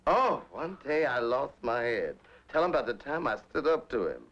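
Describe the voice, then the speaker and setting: A man's voice: mid-range voice, normal speed, slight background noise. A man being interviewed, telling candid childhood stories and laughing often. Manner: laughs often, animated, playful. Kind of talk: candid storytelling. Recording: dull lo-fi 1960s film sound.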